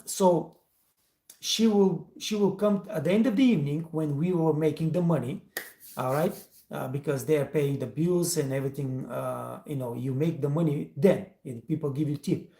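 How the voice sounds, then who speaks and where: A man with a mellow, dark voice tells a motivational story to his viewers. He is emphatic and addresses them directly, and his English has non-native phrasing. His voice sits in a roomy, echoey space. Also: on the high side. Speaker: host, restaurant trainer.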